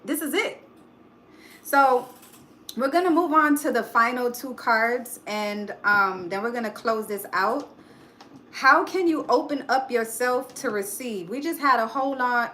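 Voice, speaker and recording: A woman with a bright, fairly high voice gives a live tarot reading. She speaks emphatically, like a preacher, and swears casually. Faint noise hums behind her. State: choked up. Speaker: tarot reader.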